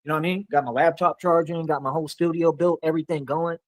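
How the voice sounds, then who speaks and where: A man's voice: a little high, steady tone, fast, slight background noise. A man delivering a rambling, boastful livestream rant, confrontational and full of repeated filler phrases. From Rio Grande Valley, Texas. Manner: angry and confrontational. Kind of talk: ranting livestream monologue.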